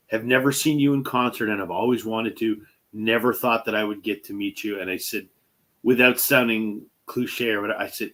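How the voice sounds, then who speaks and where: A man hosting a casual chat, retelling a story in an animated way and acting out what people said. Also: on the low side, moderate pace. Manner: animated retelling, acts out quoted speech; fillers and restarts. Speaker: host.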